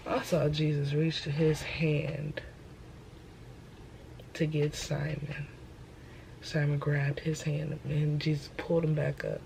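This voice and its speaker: A young woman preaches about her faith in a casual vlog, pressing her points and repeating them for emphasis. Her voice sits fairly low, and faint room noise hums underneath. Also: takes it slowly, vocal fry, a little mellow, poor audio. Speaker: host.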